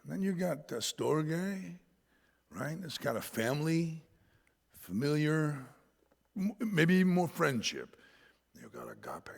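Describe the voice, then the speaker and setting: An American man preaching a sermon as pastor, an animated storyteller who punches out words for emphasis and jokes about himself. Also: medium pitch, vocal fry, slightly rough. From United States. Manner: animated storyteller, shouts words for emphasis, self-deprecating humor. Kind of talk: expository sermon. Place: church sanctuary. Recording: church hall reverb.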